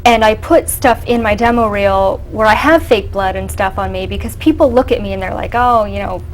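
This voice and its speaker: Chatty actress in an interview. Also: female voice, medium pitch, a little fast, soft background music, rough recording. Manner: chatty, animated, many fillers. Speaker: actress guest. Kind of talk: casual interview chat.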